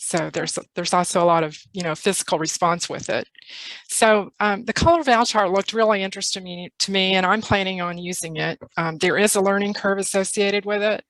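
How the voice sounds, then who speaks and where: A woman's voice: medium pitch, steady tone, brisk, a bit bright, no room sound, poor audio. A woman presenting at a literacy conference workshop, talking casually with fillers. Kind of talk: conference talk. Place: conference room.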